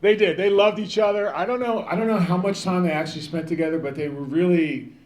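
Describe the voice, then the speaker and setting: A man's voice: high voice, quick pace, a little mellow, faint music behind. A man in his fifties giving a rambling, joking banquet speech, calling out to people in the crowd. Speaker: banquet speaker.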